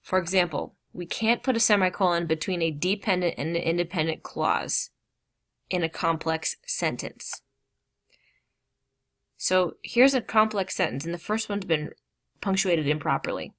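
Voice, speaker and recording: A woman teaching a grammar lesson. She explains slowly, stresses key words and drops casual asides. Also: lowish voice, a bit bright.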